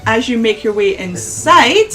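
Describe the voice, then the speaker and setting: A woman narrating a tabletop game as game master, painting scenes at an unhurried pace with frequent restarts. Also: a little high, very animated, pushed and bright, faint music behind, low-quality recording.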